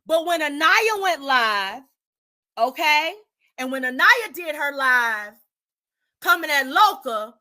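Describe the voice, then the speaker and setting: High, bright-voiced indignant woman. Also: very animated, slow. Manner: repetitive, emphatic, indignant. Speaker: commentary streamer. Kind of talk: indignant live commentary.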